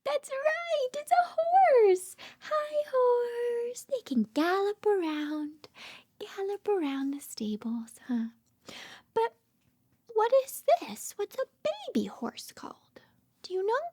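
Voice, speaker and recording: Very high, lively woman reading softly. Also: slow pace. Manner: gentle, soft, often dropping to a whisper; coaxing, asks the child many questions. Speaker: speech therapist reading aloud. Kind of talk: bedtime story read-aloud for young children.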